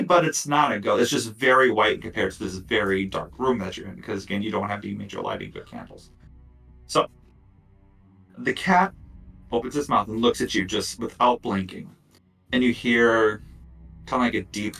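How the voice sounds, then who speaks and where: Gravelly-voiced man running a tabletop game. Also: on the low side, normal speed, distant mic, faint music behind, poor audio. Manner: casual, relaxed, lots of fillers and asides. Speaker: dungeon master.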